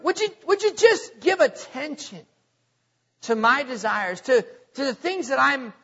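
A man with a very high, bright, husky voice preaches to his congregation, slowing to a crawl on key words and tossing questions out to the room. His pitch leaps around with lively swings. The lo-fi recording carries a long hall reverb. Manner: preaching with call-and-response questions; stretches key words slowly for emphasis. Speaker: pastor. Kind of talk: sermon. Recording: dull lo-fi audio with long reverb.

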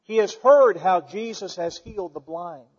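A male preacher delivering a sermon, telling a scripture story in his own words and building to forceful emphasis. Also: high-pitched, moderate pace, breathy edge, big-room sound, highs cut off.

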